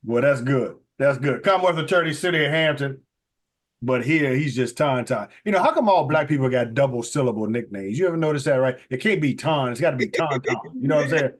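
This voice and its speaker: A man's voice: mid-range voice, expressive, a little fast. A man hosting a radio talk show, casual and joking, sometimes stretching words in a singsong announcer style.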